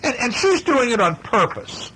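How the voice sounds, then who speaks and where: A man doing a grumpy boy bear cub, hoarse. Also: very high voice, big pitch swings, moderate pace, pitched above the performer's own voice, exaggerated voice, rough recording. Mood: cranky. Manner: shouting complaints in a raised childish voice.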